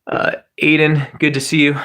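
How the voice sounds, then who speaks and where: A man's voice: a little high, monotone, moderate pace, sharp tone, echoey room. A man hosting a casual livestream chat, rambling with lots of filler words and restarts. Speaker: livestream host.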